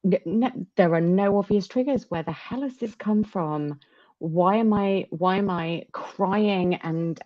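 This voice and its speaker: Woman with a really low voice, chatty, lots of restarts, dull dry sound. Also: dry recording. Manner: candid, halting, many restarts. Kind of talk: casual chat.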